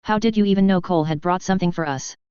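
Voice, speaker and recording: A narrator voicing a sharp, dry-humored teenage schoolgirl, lightly teasing and matter-of-fact. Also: medium pitch, racing, clear, resonant tone, dry recording, highs cut off, lightly acted.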